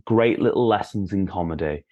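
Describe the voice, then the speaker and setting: A man hosting a podcast in casual film chat, measured and thoughtful, sometimes trailing off. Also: sits low, lo-fi sound. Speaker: podcast host.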